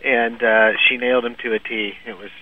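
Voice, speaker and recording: A man's voice: mid-range voice, level tone, brisk, no room sound. A man telling a long funny story in casual podcast chat, laughing often and restarting his sentences. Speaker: guest storyteller. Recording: phone-like lo-fi, dry.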